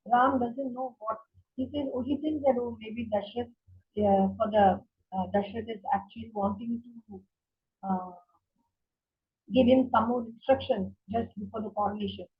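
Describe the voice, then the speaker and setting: Breathy woman telling a story. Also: fairly high pitch. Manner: animated, many fillers and restarts. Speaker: children's storyteller. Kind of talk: storytelling class for children. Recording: dull lo-fi recording.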